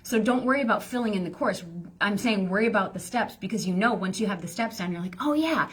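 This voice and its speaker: A woman's voice: medium pitch, quick pace, breathy edge. A woman business coach teaching casually on a live stream, rambling and chatty with lots of fillers.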